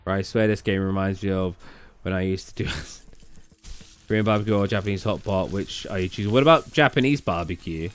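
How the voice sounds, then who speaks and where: A man's voice: deep voice, brisk, clear, resonant tone. A man with a southern English accent, rambling casually as a gaming streamer who answers his chat.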